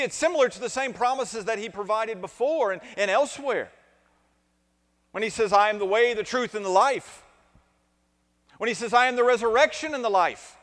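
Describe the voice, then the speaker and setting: A man with a somewhat high voice preaches a sermon at an unhurried, deliberate pace. He builds from measured reading to emphatic, questioning points and pulls the congregation into repeating lines with him. His voice rings out with the long reverb of a large hall. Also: a bit bright. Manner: asks the congregation to repeat and answer. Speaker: pastor.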